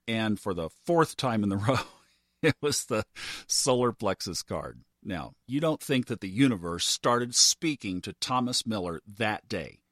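A man in his fifties hosting a podcast, telling a personal story in an earnest way that builds to animated emphasis. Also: medium pitch, no room sound, clean studio sound. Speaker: podcast host.

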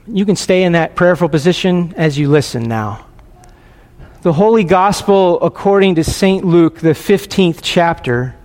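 A man preaching a sermon, leading a silent prayer and reading scripture in an earnest, pausing way with frequent restarts. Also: sits high, a little mellow. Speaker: pastor. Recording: long hall reverb.

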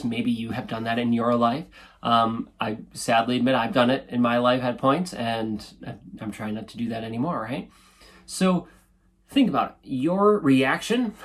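A man's voice: mid-range voice, slightly rough. Chatty self-help podcast host, man. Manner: conversational, frequent "right?" tag questions; thoughtful, explaining step by step. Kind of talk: casual self-help talk.

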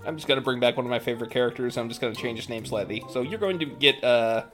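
A man narrating as game master of a tabletop game in a quick, offhand way, over faint background music. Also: medium pitch, fairly bright tone.

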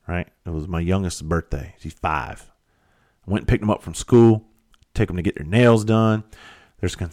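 A man, a comedian, telling a long personal story in a blunt, profane, conversational way. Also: low-pitched. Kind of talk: storytelling monologue.

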